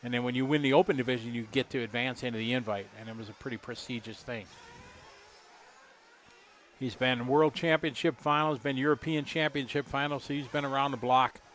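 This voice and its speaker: A man in his fifties doing relaxed, rambling live race commentary, chatty and jokey. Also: medium pitch, fairly quick. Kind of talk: casual live commentary chat.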